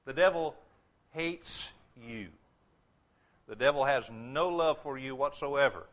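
A man preaching a sermon, emphatic, dropping low and slow for his warnings. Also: a bit bright, dull audio. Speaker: pastor.

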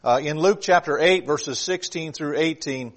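A middle-aged man preaching a sermon, moving from a calm welcome to loud, emphatic preaching and often repeating words as he restarts. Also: a little high, moderate pace.

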